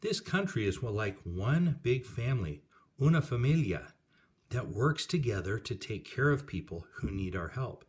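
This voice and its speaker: A man reading aloud as a loving great-aunt in her eighties, speaking warmly and proudly to a child. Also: mid-range voice, big pitch swings, a little slow. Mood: tender. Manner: warm, proud, storytelling.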